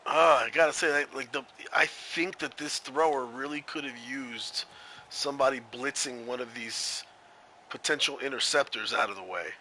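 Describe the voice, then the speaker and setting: A man doing play-by-play commentary on an online match, excitable and rambling, often laughing. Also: medium pitch, moderate pace, slight background noise, poor audio. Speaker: play-by-play announcer.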